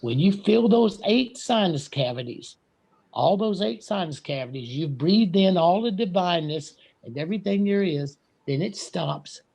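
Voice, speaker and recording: A man giving a slow, earnest and blunt spiritual talk. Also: high voice, lively intonation, vocal fry, darkish tone, breathy edge. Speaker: guest speaker.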